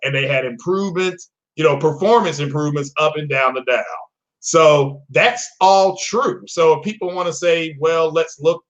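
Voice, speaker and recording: A man's voice: fairly high pitch, moderate pace, lo-fi sound. A man co-hosting a gaming talk show, explaining at length with many hesitations and restarts. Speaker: co-host. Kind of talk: casual chat.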